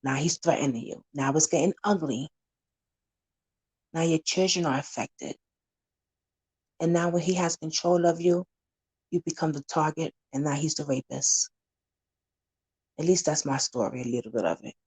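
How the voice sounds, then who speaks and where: Blunt low husky-voiced woman advocate. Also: moderate pace, long pauses, a little mellow. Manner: blunt, candid and warning, acting out scenes. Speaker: community advocate. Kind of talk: casual talk to camera.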